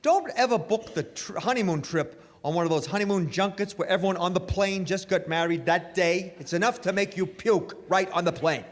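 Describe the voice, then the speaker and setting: A man doing stand-up comedy on stage, animated and acting out voices. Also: sits high, fairly quick, hardly any pauses. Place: stage in a hall. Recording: live stage hall reverb.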